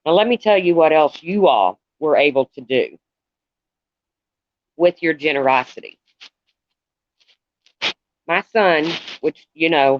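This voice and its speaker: A middle-aged man talking to viewers on a live stream in a halting, rambling way, calling out commenters by name. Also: mid-range voice, no room sound. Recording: dull lo-fi, dry sound.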